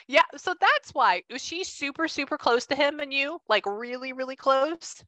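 A woman working as a medium, chatting casually and relaying messages in quick bursts, acting out what she is shown. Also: sits high, expressive, sharp tone, dry recording. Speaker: psychic medium. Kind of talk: casual reading session.

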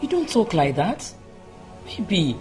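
An actress with a Nigerian accent playing a mother who calms her crying daughter. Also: fairly low pitch, faint music behind. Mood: soothing. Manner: soothing, slow.

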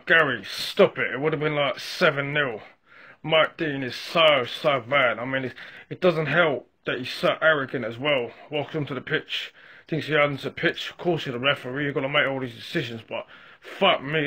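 A man doing a husky, ranting ex-footballer. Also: medium pitch, moderate pace, pushed and bright. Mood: exasperated. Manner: exasperated, ranting. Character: exasperated ex-footballer male pundit.

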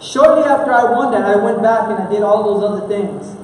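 A man's voice: high-pitched, fairly quick, a little hiss or hum. A man from Houston, preaching a sermon in an earnest, conversational way, often restarting his sentences. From Houston, Texas. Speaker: pastor. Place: church. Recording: echoey church hall, mic far off.

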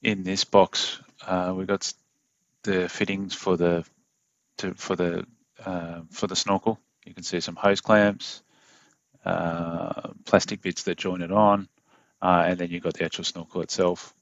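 A low-voiced Australian man talks through a car install tutorial in a flat, monotone voiceover. His voice has a gravelly edge. The recording is dry and a little dull. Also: no room sound. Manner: monotone, plain and unhurried, with fillers. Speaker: DIY car install host. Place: home studio voiceover.

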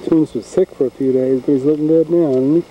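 A man's voice: fairly high pitch, fairly even intonation, fast, mellow, lo-fi sound, a little hiss or hum. A man narrating casually as he films his farm outdoors on a handheld camcorder, folksy and rambling. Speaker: home video maker. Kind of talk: casual narration while filming. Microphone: handheld camcorder mic.

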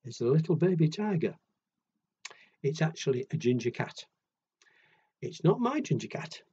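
Older guy doing storytime for kids, slow and sing-songy, a bit husky, dull muffled sound. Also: fairly high pitch. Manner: gentle, animated and playful. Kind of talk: reading picture books aloud to children. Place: garden shed.

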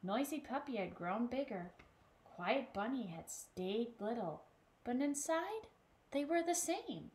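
A children's librarian reading a picture book aloud at a slow, unhurried pace. Her voice sits fairly high and swoops up and down with lots of expression. She stops now and then to ask a child listener questions. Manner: animated, talks to a child listener.

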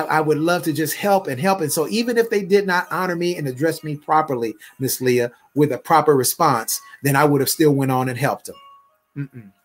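On a live prayer broadcast, a middle-aged man who is a bishop and online pastor speaks emphatically and conversationally, repeating his phrases. His voice sits high.

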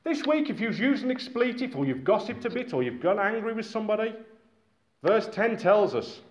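A man from Britain preaching a sermon in a lively, conversational way with asides to his listeners. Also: high-pitched, normal speed. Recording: echoey, dull-sounding hall recording.

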